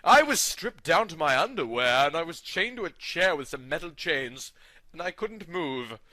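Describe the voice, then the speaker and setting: A man giving a mock-dramatic comic reading of fan fiction, over the top with sudden loud outbursts. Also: fairly high pitch, very animated, moderate pace, dry recording. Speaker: comedy reader.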